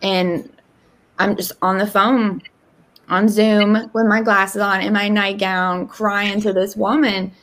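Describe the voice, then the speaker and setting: A woman in her thirties telling a candid personal story in casual conversation, acting out quoted lines. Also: takes it slowly. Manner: animated, acts out quoted dialogue with rising pitch. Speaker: podcast guest.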